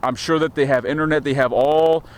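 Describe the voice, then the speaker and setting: This vlogger, a man from the United States, delivers a casual monologue to a handheld camera while out on a small-town street, and it turns into a rambling, stammering, profane rant. He speaks fairly quickly in a slightly high voice with a steady tone. The sound is clear and his tone is resonant.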